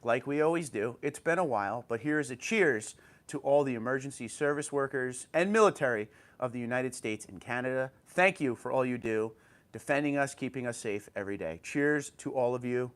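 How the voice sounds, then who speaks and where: A man's voice: medium pitch, brisk. A man hosting a casual livestream from home on an old tablet, greeting viewers by name and reading their comments aloud. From New Jersey. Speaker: livestream host.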